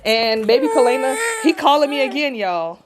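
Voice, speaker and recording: A woman's voice: sits high, animated, normal speed. A woman talking straight to her viewers in a casual home prank vlog, emphatic and repetitive, filmed on a camera set up in the room. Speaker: vlogger and mother. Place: home, indoors. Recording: loud background noise.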